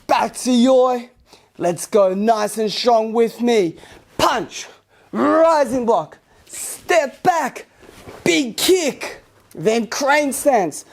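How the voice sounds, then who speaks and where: A woman's voice: a little high, animated, drawn-out words, creaky. Upbeat woman teaching kids karate. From Australia. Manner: upbeat, encouraging, talking to young children; loud karate shouts between instructions. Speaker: martial arts instructor.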